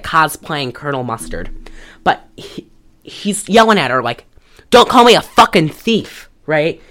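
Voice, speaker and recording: A woman co-hosting a casual podcast, telling a profane, rambling story. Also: sits low. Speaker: podcast co-host. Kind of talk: casual chat.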